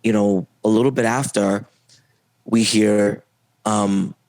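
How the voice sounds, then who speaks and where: Young adult man, low voice, halting speech with many fillers, dry close sound, podcast guest. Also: steady tone, a little mellow, dry recording. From Puerto Rico. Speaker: interview guest. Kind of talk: personal testimony.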